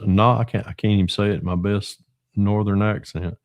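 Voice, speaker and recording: Speaking at normal speed with a steady tone, this lowish-voiced, middle-aged man from Northwestern Georgia chats with viewers in a folksy Southern drawl while assembling a model car on a relaxed livestream. The recording is dry.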